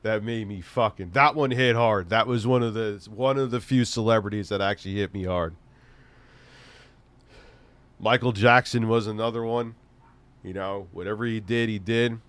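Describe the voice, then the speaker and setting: A man hosting a live stream, telling a story in casual chat with heavy swearing and an animated, laughing delivery. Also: lowish voice, moderate pace, clear, resonant tone, no room sound.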